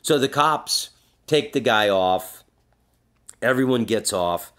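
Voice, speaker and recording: Guy hosting a podcast, animated storytelling, crude jokes, reads book bits out loud. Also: medium pitch, slow. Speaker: podcast host. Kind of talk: storytelling and reading aloud.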